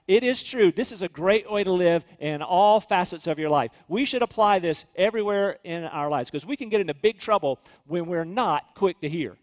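A pastor delivers an earnest sermon in a high, light male voice, leaning hard on key phrases and slowing to repeat them. His words ring out with a long hall reverb, as if captured in a church sanctuary. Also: animated. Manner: earnest, emphatic preaching with slowed repeated phrases.

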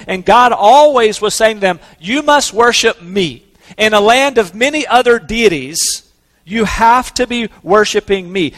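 A man preaching a sermon in an earnest, conversational way, slowing down to stress key words. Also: high-pitched, a bit bright, in a large hall. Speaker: pastor.

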